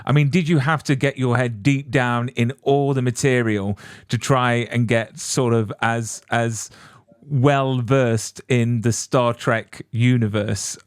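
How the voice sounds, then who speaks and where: Male interview host, enthusiastic, rambling questions, mid pitch, dry sound. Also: no echo. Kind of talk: casual interview.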